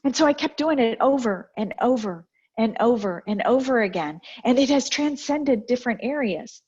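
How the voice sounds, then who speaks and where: This middle-aged guest speaker has a husky, slightly high voice and talks at a normal speed. Through muffled lo-fi video call sound, she delivers a motivational talk built on personal anecdotes, vividly performing the conversations she recounts.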